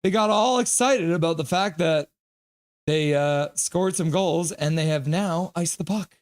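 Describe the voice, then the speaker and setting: A young man hosting a live hockey reaction stream, chatting casually, reading chat aloud and whooping with excitement. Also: a little high, measured pace.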